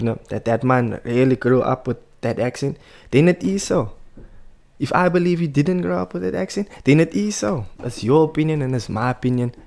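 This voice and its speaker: A man talks through his reaction in a relaxed, opinionated way. His mid-range voice has a gravelly edge, and he breaks into laughter between remarks. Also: medium pitch. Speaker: reaction video host. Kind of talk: casual reaction commentary.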